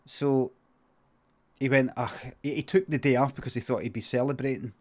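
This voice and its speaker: Scottish streamer, deadpan improv storyteller, rambling asides, mid-pitched voice. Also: male voice, moderate pace. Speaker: comedian and streamer. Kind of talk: improvised comic storytelling on a livestream.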